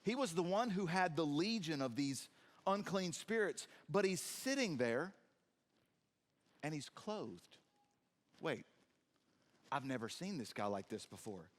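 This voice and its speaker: A man preaching a sermon in a church, animated and acting out scenes in different voices with jokes for the congregation. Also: on the high side, measured pace, pauses often. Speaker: pastor. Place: church sanctuary.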